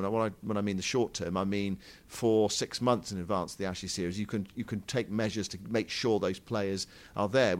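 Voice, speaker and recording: A man from England with a Bristolian accent, a cricket commentator talking things over in a thoughtful, hesitant way with many restarts. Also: lowish voice. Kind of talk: casual analytical chat.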